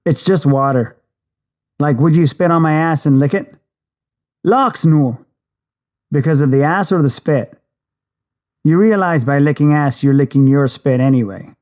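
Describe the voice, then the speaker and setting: A man's voice: on the high side, mellow. A man reading an audiobook in a wry, conversational way. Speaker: audiobook narrator.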